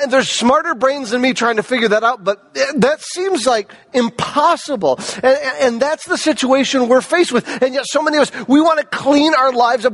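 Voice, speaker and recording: A man preaching a sermon as a pastor, animated, with hushed low moments and raised emphatic peaks.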